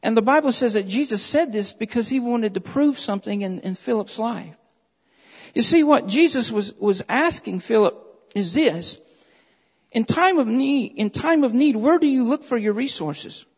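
A man preaching a sermon who reads scripture aloud in a measured way and presses his points with repeated phrases, calling his listeners beloved. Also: extremely high pitch, slightly rough. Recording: dull lo-fi recording in a reverberant hall.

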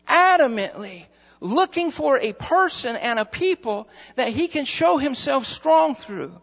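Male pastor, very high and gravelly voice, fervent repetitive sermon; muffled recording, long hall reverb. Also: fairly bright tone. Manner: fervent, repeats phrases for emphasis.

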